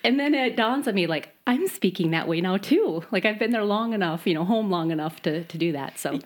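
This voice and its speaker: A woman from Michigan's Upper Peninsula with a softened Yooper accent, chatting casually and laughing often. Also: mid-range voice, lively intonation, brisk. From Upper Peninsula of Michigan, USA. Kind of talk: casual conversation.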